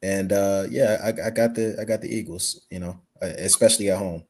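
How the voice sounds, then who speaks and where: Easygoing male panelist, slightly low voice, measured. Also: fairly even intonation, darkish tone. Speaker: podcast panelist. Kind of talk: casual sports podcast chat.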